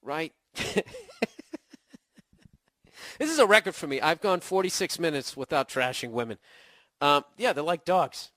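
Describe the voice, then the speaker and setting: Ranting sarcastic podcast host, bright voice. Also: male voice, a little high, expressive, unhurried, long pauses, no room sound, studio quality. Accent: Boston. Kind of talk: rambling comedic podcast monologue.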